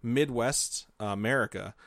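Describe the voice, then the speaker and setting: A man's voice: mid-range voice, normal speed, fairly bright tone, no echo, studio quality. A man co-hosting a podcast, telling a spooky story in a casual, joking, profane way. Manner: profane, jokey, mocking asides. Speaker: podcast co-host.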